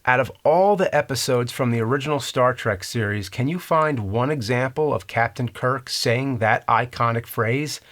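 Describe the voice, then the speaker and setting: A man's voice: medium pitch, moderate pace, hardly any pauses, a bit bright. A man in his thirties hosting a scripted commentary on movie trivia, explaining in a conversational, dryly amused way. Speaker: host.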